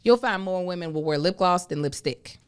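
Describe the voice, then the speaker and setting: Woman, lowish voice, podcast co-host, chatty explainer. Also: a little fast, smooth. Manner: explains at length, with fillers and restarts. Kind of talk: casual chat.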